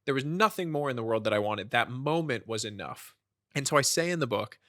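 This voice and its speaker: A man in his thirties speaking as an author guest on a podcast, telling stories earnestly and with animation. His voice is bright and forceful, and the recording is dry and close. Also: medium pitch, lively intonation, fairly quick, no echo. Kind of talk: conversational storytelling.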